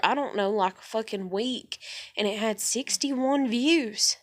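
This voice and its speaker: A woman's voice: a little high, unhurried. A woman venting bluntly to camera in a casual vlog rant, with frequent swearing and emphatic repetition. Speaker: vlogger.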